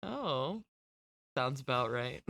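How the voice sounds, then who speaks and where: A woman's voice: extremely low pitch, very animated, slow, vocal fry, a bit bright, no room sound. Giggly rambling woman streamer. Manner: giggly, rambling, self-deprecating. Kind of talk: casual stream chat.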